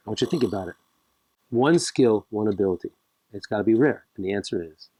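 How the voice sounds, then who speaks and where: A man's voice: on the low side, fast talker, a little mellow, no room sound. A man, a rabbi, giving a humorous lecture to a live audience, joking and acting out little dialogues.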